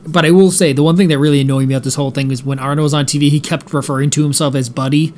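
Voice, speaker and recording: Animated man in casual movie chat. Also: a little high, a little hiss or hum. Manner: animated, fast bursts, laughs often. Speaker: podcast co-host.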